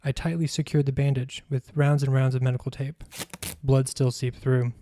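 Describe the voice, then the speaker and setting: A man, a podcast host, reading his own memoir aloud in a measured, even storytelling manner. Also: medium pitch, slight background noise.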